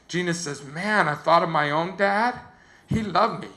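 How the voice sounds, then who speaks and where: A man giving an animated storytelling talk to teenagers, quoting other people in a softer voice. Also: a little high, normal speed. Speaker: youth speaker.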